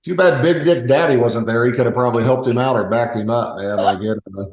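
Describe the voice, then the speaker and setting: A man's voice: mid-range voice, fast talker, darkish tone. Chill podcast host guy, dry jokes, mid voice, sounds kinda echoey. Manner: laid-back, wry asides. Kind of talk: casual chat. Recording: roomy echo.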